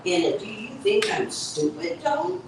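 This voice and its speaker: A woman's voice: fairly high pitch, sing-song, a little slow, gravelly, a little hiss or hum, full character voice. A woman voicing a snappy, territorial female cat in a children's storybook, heard from afar in an echoey hall. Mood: indignant. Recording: echoey event hall from far off.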